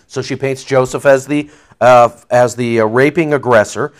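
A man's voice: mid-range voice, steady tone, normal speed, hardly any pauses. A man preaching verse by verse, reading scripture aloud and then explaining it in a casual, conversational way. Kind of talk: verse-by-verse Bible teaching.

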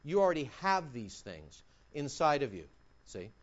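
A male pastor preaching a sermon, animated and emphatic, firing off mocking rhetorical questions. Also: mid-range voice, moderate pace, highs cut off.

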